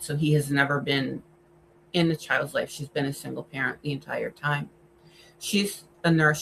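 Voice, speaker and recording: Woman horror vlogger, low voice, enthusiastic film commentary, emphatic with hushed asides, faint noise behind. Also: low-quality recording. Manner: enthusiastic, emphatic, shifts between loud and hushed.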